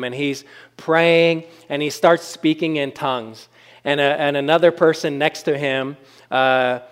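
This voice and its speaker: A man's voice: on the high side, smooth. A man preaching a sermon as pastor, in a conversational style with frequent fillers and check-ins with the congregation.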